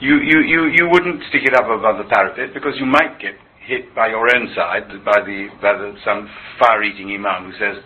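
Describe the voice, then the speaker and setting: A man talking in an interview, animated and often stammering over repeated words. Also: fairly low pitch, fairly quick, hardly any pauses, phone-quality sound. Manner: animated, with frequent stammered repetitions. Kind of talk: impassioned conversational interview.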